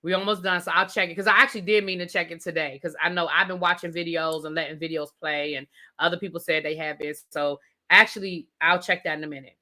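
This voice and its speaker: Host type: woman with a DC accent, bright forceful voice, loose sassy live-chat rant delivery. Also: on the low side, fairly even intonation, fast talker, hardly any pauses. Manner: chatty, reads and answers live chat, sassy slang.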